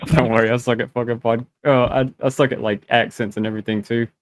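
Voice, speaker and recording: A man chatting on a casual podcast at a middling pitch. He rambles through "uh" and "like" and swears often. The recording is dry. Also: level tone, quick pace, dry recording. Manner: rambling, many fillers and swears. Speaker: podcast co-host.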